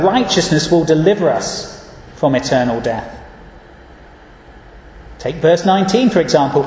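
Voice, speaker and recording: A man preaches in a steady, earnest way, often pausing to read out scripture verses. His voice sits fairly high for a man. It rings through a large church hall with a long, echoey tail. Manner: earnest, measured, reads scripture verses aloud. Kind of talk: sermon.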